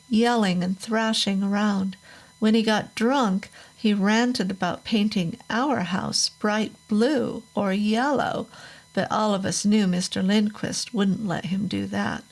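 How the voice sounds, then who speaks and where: A woman reading a first-person horror story aloud in a measured, unhurried storytelling manner. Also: mid-range voice, fairly even intonation, poor audio. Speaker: narrator. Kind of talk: scripted horror story narration.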